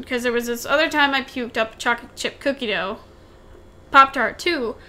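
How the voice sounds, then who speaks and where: A young woman with a high, light voice tells a long, rambling story on a casual podcast. She circles back on her own words and acts out what everyone said. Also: moderate pace, sharp tone. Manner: rambling, repeats herself, acts out quotes. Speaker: podcast co-host.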